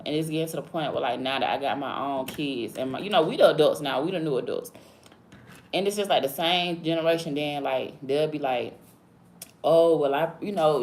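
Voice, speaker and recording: Low-voiced woman in her thirties on a livestream. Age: 30s. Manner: slangy, conversational, keeps asking "you feel me?". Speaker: livestream host. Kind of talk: casual livestream talk. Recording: echoey room with faint background noise.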